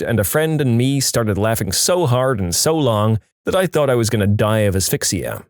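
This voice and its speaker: Lively man reading stories. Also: medium pitch, no room sound, clean studio sound. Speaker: narrator. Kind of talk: scripted storytime narration.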